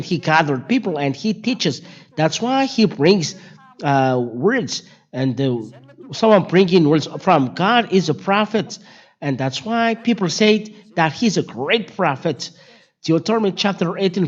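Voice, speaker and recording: A man whose first language is not English, teaching from the Bible in a halting, repetitive way with many fillers and restarts. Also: a little high. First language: Malagasy or French. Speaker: preacher. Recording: dull lo-fi sound.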